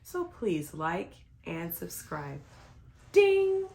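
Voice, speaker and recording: Gravelly-voiced woman co-host. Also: low-pitched, sing-song, normal speed, darkish tone, slight background noise. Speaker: podcast co-host. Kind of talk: casual chat.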